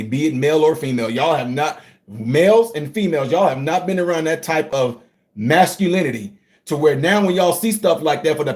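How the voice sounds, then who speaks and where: Hosting a casual livestream, a middle-aged man speaks straight to his audience in a voice that sits high for a man. He alternates between low, hushed asides and loud bursts of excitement.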